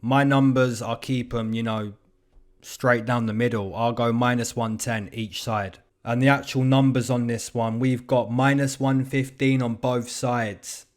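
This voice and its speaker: A man's voice: medium pitch, fairly even intonation, measured pace. A young man hosting his own show, giving casual, slangy fight predictions and betting numbers. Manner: chatty, slangy, hedging with "you know" and "man". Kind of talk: casual commentary.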